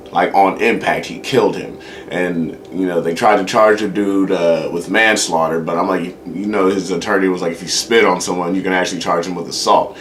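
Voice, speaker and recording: A man's voice: fairly low pitch, fairly bright tone. A man hosting a casual solo comedy show, rambling and profane, talking straight to his audience. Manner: rambling, profane, acts out quoted voices. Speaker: comedy podcast host. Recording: echoey room with faint ambient noise.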